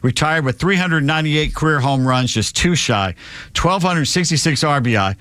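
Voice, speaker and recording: A man's voice: a little high, animated, moderate pace, fairly bright tone, smooth, no echo. A man hosting a talk radio show, reading news stories and cracking sarcastic jokes at them. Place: radio studio. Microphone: studio microphone.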